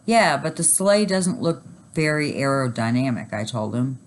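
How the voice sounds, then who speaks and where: A woman teacher reading a children's chapter book aloud, animated and expressive. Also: very deep voice, moderate pace, a little hiss or hum.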